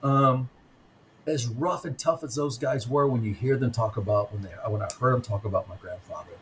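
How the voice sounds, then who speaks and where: A man in his fifties, a guest author telling stories in a conversational interview, speaking haltingly with frequent ums and restarts. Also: medium pitch, a bit bright, slight background noise, low-quality recording. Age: 50s.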